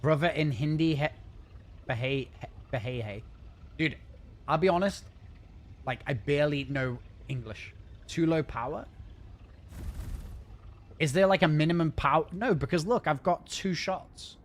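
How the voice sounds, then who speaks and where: A man's voice: a little high, measured pace, long pauses. A man chatting casually on a live game stream, trailing off mid-sentence as he talks to his teammates.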